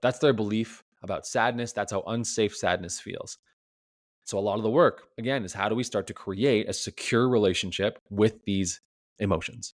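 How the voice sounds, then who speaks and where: A man's voice: on the low side, moderate pace, no room sound, studio quality. A man as a relationship coach, giving a reflective solo podcast talk full of rhetorical questions, often tagged with "right?".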